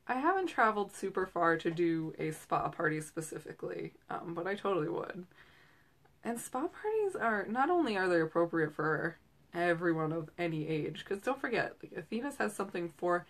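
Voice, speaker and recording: A woman's voice: lowish voice, a bit bright. Thirties woman host, loose rambling chat with many asides and fillers. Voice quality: rambling, chatty with frequent fillers and tangents. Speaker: host and direct seller. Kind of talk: casual chat. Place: small room at home.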